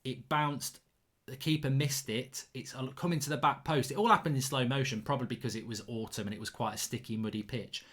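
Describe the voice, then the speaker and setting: Guy in his 40s rambling thru a story, chatty, keeps restarting, gets loud n heated acting out anger. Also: medium pitch, steady tone, fairly quick. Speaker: host. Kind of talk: casual storytelling monologue.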